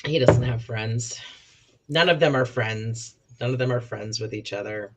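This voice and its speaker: A woman's voice: extremely low pitch, a little slow, heavy background noise. Chatty woman co-host telling a story. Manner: animated retelling with quoted dialogue. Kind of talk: casual chat, storytelling.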